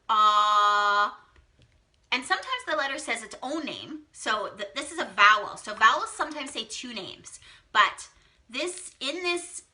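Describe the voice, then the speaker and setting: Speaking slowly and clearly, a young female teacher leads a live online phonics game, reading out the children's guesses and warmly praising them. Her voice is very bright, swooping over a wide range of pitch, and she punctuates it with excited gasps.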